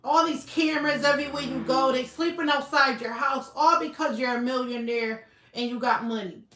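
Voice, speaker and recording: A woman's voice: sits high, moderate pace, fairly bright tone. A woman chatting casually on a livestream, blunt and profane. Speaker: livestream host. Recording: roomy echo, slightly far from mic.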